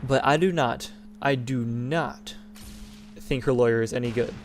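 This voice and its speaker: A man's voice: mid-range voice, a little slow, faint music behind. A young man hosting a gaming channel, talking in a rambling, indignant rant with many restarts. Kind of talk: casual opinion rant over gameplay.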